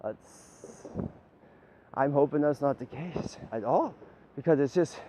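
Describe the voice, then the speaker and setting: A man's voice: a little high, lively intonation, slow, warm tone, slight background noise. A man giving a rambling, preachy monologue as a self-styled spiritual leader. He swears freely and keeps asking "right?". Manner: profane, repeats "right?" often.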